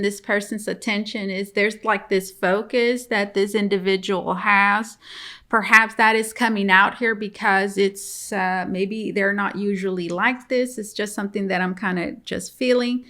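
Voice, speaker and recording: A woman's voice: medium pitch, steady tone, normal speed, pushed and bright. A woman giving a casual tarot reading to camera, chatty and repetitive, talking straight to her viewers from home. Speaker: tarot reader.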